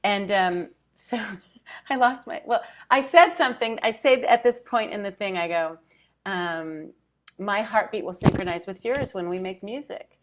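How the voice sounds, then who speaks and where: Speaking unhurriedly in a mid-range voice, this middle-aged podcast co-host keeps the chat casual but gets emotional, sometimes close to crying. She's a lively storyteller who dramatizes her own thoughts.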